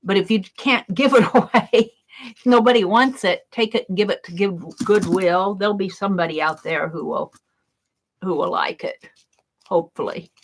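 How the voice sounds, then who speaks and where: A woman's voice: mid-range voice, normal speed, a little hiss or hum. An older woman chatting casually while she crafts, rambling and giggling and talking to herself. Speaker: craft vlogger.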